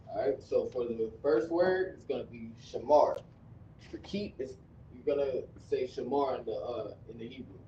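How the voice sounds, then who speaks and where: A man walks through an alphabet lesson, repeating each sound and stopping often to correct himself. His voice is mellow and dark. He sounds set back from a dull, lo-fi mic in an echoey room. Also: medium pitch, normal speed, far from the mic, a little hiss or hum. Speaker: language teacher. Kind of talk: recorded script lesson.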